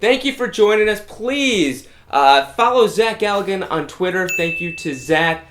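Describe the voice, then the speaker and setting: Male show host, upbeat sign-off, slightly high voice. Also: lively intonation, unhurried, noisy background. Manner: upbeat, direct address to viewers.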